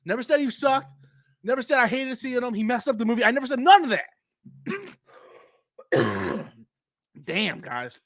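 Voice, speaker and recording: A man's voice: very high-pitched, sing-song, normal speed, long pauses, fairly bright tone, dry recording. A man hosting a casual live stream, heated and profane, who breathes through his mouth and coughs often.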